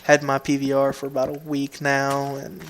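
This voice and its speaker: A man's voice: mid-range voice, completely flat delivery, moderate pace, a little hiss or hum. A man with a Southern US accent who hosts a gaming video, rambling through casual commentary at a home computer mic. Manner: rambling, repeats words and restarts, laid-back.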